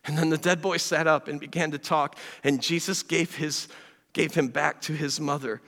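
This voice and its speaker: Male pastor, sermon, high bright voice, earnest conversational delivery, long hall reverb. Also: steady tone. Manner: earnest, conversational preaching that drops to soft, slow asides.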